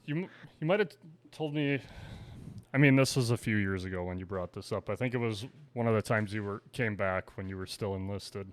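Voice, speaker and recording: A man's voice: lowish voice, fairly quick. A man co-hosting a podcast, chatting casually and prompting his friend with questions. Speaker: podcast co-host. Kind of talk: casual chat.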